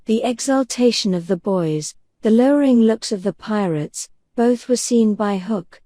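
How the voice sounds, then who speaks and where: A woman narrating an audiobook in a calm, soothing bedtime reading style. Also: a little high, measured pace, dry recording.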